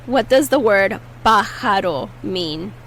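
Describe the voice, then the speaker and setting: Slow, patient woman teaching Spanish. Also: mid-range voice, expressive, slight background noise, rough recording. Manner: patient, repeats words slowly for learners. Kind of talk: slow, clear language lesson.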